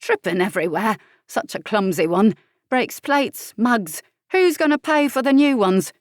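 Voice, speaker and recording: A woman's voice: a little high, lively intonation, measured pace, dry recording, studio quality, voice pushed up. A woman putting on a bitter, scowling old grandmother. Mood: scornful. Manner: harsh, complaining, thick-accented. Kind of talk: audiobook character voice.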